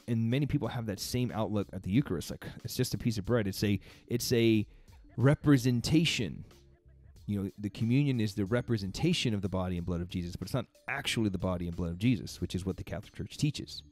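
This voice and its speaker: Talking fast in a lowish, slightly mellow voice, this man delivers his daily devotional as a fitness coach. He's earnest and conversational, chuckling between points, with soft music playing in the background.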